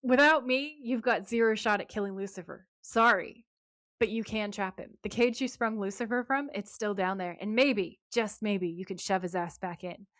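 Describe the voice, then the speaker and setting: A smug, flippant male archangel, as a woman reads him out. The sarcastic lines come in an everyday mid-pitched voice, recorded close and dry with no room sound. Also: moderate pace, fairly bright tone, no room sound, natural voice. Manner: breezy, sarcastic recounting of lines.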